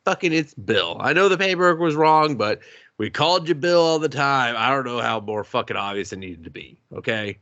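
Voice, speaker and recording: A man's voice: medium pitch, expressive, a little fast, fairly bright tone, no echo, highs cut off, natural voice. A man voicing an exasperated ghost father who scolds his grown son in a profane, mocking rant.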